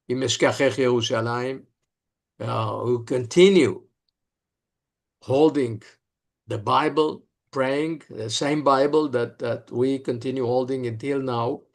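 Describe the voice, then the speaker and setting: An older man with an Israeli accent, an interview guest telling stories in earnest, halting English. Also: mid-range voice. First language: Hebrew. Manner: earnest, halting, broken phrasing. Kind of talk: storytelling in an interview.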